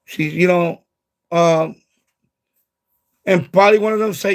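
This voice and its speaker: High-voiced, profane man on a live stream. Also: a little slow, pauses often. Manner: profane, excitable, keeps saying bro. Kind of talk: casual late-night chat.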